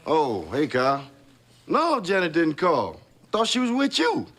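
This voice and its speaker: An actor playing a gentle, slightly corny man courting his girlfriend in a 1990s sitcom. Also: fairly high pitch, huge pitch swings, measured pace, full character voice. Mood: chatty.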